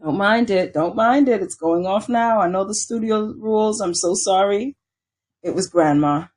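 A woman's voice: medium pitch, moderate pace, darkish tone, slightly rough. An American woman co-hosting a podcast, telling stories in a playful, self-mocking way. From United States. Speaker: podcast co-host. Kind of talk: casual podcast chat.

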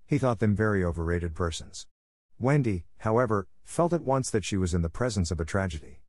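A man reads a classic children's story aloud in a measured, even way. His voice sits on the low side, and the recording is dry and close, with no room sound. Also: no room sound. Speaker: narrator. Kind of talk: scripted storybook narration.

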